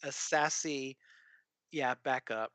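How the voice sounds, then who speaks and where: A tabletop game player chatting in a relaxed, joking way. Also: mid-range voice, slow, no echo. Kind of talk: casual tabletop play.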